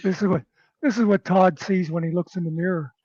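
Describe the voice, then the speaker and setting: A man's voice: sits high, steady tone, fairly quick, a little mellow, no echo. A man hosting a casual chat, teasing his co-hosts with joking asides. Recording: dull, dry sound.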